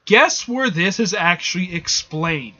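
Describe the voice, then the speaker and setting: A man walks through a comic book issue in a loose, rambling review, stumbling over restarts and filling gaps with "uh" and "um". His voice sits high for a man and sounds bright and edgy. The audio is muffled and lo-fi. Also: lively intonation, a little slow. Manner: rambling, with many fillers and restarts. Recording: dull lo-fi audio.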